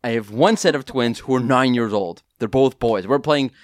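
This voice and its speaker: Animated male podcast host, dry sound. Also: mid-range voice, no room sound. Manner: animated storyteller, self-deprecating, quick asides. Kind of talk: casual podcast chat. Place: home.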